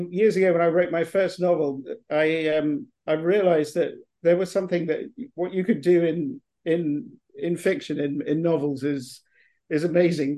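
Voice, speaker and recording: A middle-aged man with an English accent, speaking in a fairly high voice for a man. He rambles in long, winding answers, full of restarts and fillers, as a podcast guest. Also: darkish tone. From England. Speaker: author guest. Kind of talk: podcast interview.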